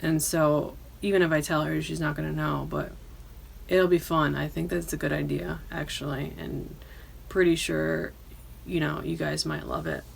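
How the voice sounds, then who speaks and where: A woman hosting her own podcast in casual chat, loud and profane, often bursting into yelling. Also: low voice, steady tone, normal speed, gravelly, slight background noise. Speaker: podcast host.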